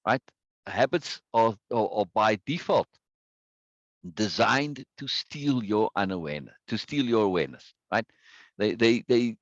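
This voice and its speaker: A man's voice: medium pitch, no room sound, highs cut off. A man teaching a live online self-help course, stressing points by repeating words and reading viewers' chat aloud. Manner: greets viewers by name from chat.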